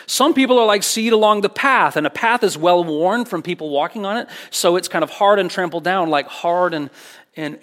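A male pastor delivering a sermon in an earnest, emphatic way. His voice sits a little higher than most men's, and he leans on repeated phrases to drive each point home. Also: a bit bright.

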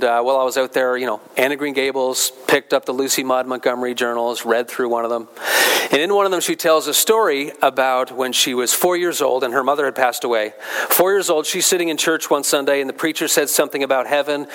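A man preaching a sermon in a conversational way, with asides and restarts, rising in pitch and force when he stresses a point. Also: a little fast, a bit bright. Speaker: pastor.

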